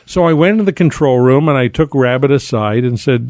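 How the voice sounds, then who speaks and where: A man's voice: medium pitch, brisk, hardly any pauses, a little mellow, no room sound, clean studio sound. Storytelling radio veteran man. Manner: anecdotal, acts out other people's voices. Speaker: radio programmer, interview guest. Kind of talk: storytelling interview.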